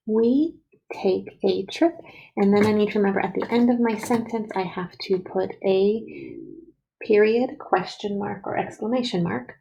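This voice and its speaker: A woman's voice: mid-range voice, gravelly, warm tone, rough recording. A woman teacher leading a recorded writing lesson for young children, patiently sounding out each word and letter.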